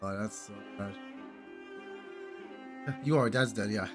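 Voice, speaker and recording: A man streaming a video game, chatting casually and reacting out loud to the story. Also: fairly low pitch, takes it slowly, over music. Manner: chatty, reactive, lots of "like" fillers. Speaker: gaming streamer. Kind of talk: casual playthrough reaction commentary.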